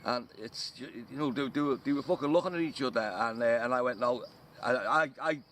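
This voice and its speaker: English veteran, mid-pitched voice, gruff storytelling outdoors, faint ambience. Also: male voice, fairly quick, a bit bright, a little hiss or hum. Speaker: bushcraft veteran. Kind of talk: casual outdoor banter. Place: outdoors in woodland.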